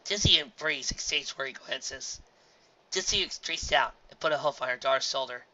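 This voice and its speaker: A woman reading a story aloud as narrator, with animated, expressive narration. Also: extremely low pitch, normal speed. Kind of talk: audiobook reading of fan fiction. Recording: dull lo-fi home recording.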